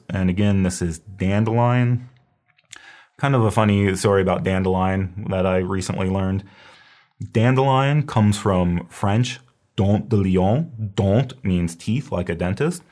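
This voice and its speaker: A man's voice: on the low side, a little slow, darkish tone. A man giving a casual, explanatory recorded lecture on herbal medicine, repeating key terms as he goes.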